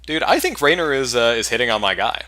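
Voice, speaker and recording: A man giving casual, deadpan commentary while playing a role-playing game. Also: medium pitch, fast talker. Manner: wry, deadpan asides. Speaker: game let's-play host.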